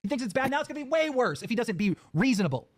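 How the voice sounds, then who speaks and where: High-pitched, fast-ranting man. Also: very animated, dry recording. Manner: ranting, exasperated. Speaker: podcast host. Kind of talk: heated livestream rant.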